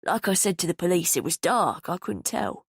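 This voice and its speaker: A woman voicing a wary young homeless man from East London, speaking low and raspy with an East End accent. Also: moderate pace, dry recording, clean studio sound. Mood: guarded. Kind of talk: audiobook character voice.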